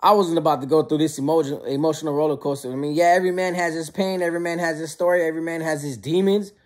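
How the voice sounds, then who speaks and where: A man who served time, casually telling prison stories in a slangy, animated way. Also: fairly high pitch, very fast. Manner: slangy and conversational, often calls listeners bro; animated, acts out quoted lines. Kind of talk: casual storytelling to camera.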